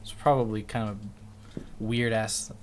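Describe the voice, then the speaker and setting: A man's voice: lowish voice, little pitch movement, measured pace, a little hiss or hum. Rambling, foul-mouthed male streamer. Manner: rambling, profane, self-interrupting. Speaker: livestreamer. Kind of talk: casual storytelling.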